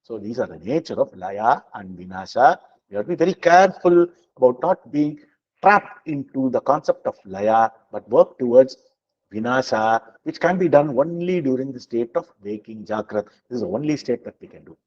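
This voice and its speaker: A man teaching a scripture lesson, explaining slowly with many fillers and chanting verses. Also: mid-range voice, animated, darkish tone, muffled recording. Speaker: spiritual teacher.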